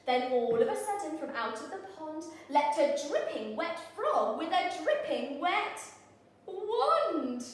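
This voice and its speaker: A woman teacher reading a picture book aloud in a lively, expressive, sing-song way. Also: high voice, measured pace, distant mic. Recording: very echoey room, voice off-mic.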